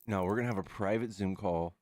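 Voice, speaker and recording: Male streamer host with a lowish voice, dry close mic, playful and exasperated. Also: fast talker, dry recording. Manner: joking, exasperated, jumps high when excited. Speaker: livestream host. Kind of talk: casual livestream debate chat.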